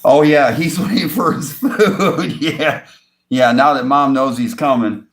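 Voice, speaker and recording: A man hosting a casual livestream from his home beside a fish tank. He chuckles often and coos at his pet fish in sudden high bursts. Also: unhurried, fairly bright tone. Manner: chuckles often between remarks. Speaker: fishing channel host.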